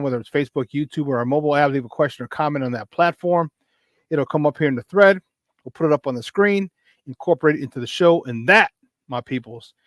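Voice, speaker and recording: A man hosting a casual morning sports talk show, hyped up and shouting out viewers by name, then dropping into low, tired muttering. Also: no echo, clean studio sound. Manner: swings between loud excitement and low, tired muttering.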